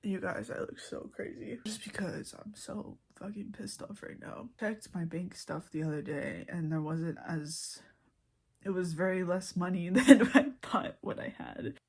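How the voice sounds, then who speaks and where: A young woman vlogging, ranting bluntly and profanely about her work. She swings between loud venting and quiet mutters. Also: fairly low pitch, unhurried, husky. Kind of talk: casual ranting vlog.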